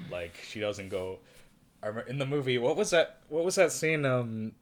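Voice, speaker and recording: A man with a medium-pitched, expressive voice hosts a casual film review podcast at normal speed, rambling and correcting himself with a wry tone. Slight background noise is audible.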